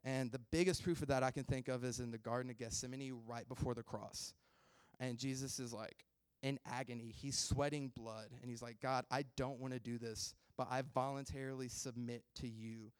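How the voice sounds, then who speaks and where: A man's voice: mid-range voice, fairly even intonation, normal speed, clear, resonant tone, dry recording. A man in his twenties giving a casual, self-deprecating sermon and chatting easily with his listeners. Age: 20s.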